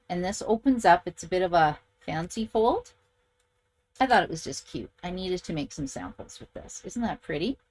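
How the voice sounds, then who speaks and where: A middle-aged woman from Canada, chatting casually as she demonstrates papercraft and greets viewers by name. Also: medium pitch. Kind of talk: casual live craft demo.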